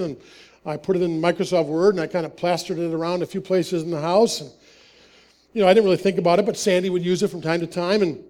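A middle-aged man from Wisconsin speaks to an audience, sharing personal stories in an earnest, folksy way with wry humor. His voice sits fairly high for a man yet sounds soft and mellow. He often restarts his sentences as he talks. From Wisconsin, USA. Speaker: author and speaker. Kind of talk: personal storytelling talk to an audience.

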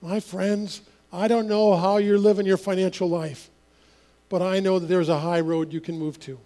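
A man's voice: high voice, flat delivery, normal speed, warm tone. A man pastor delivering a storytelling sermon, chuckling and repeating words as he goes.

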